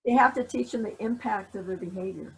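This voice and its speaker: A woman's voice: medium pitch, fairly quick, vocal fry, breathy edge, poor audio. A woman therapist, a guest in an interview, earnestly explaining with everyday examples. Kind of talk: conversational interview.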